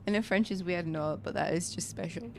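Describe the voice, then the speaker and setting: A woman's voice: on the low side, fast, gravelly, a little hiss or hum. A woman streaming a survival game, telling shop stories in chatty casual talk full of fillers and restarts. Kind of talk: casual chat while gaming. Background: game music.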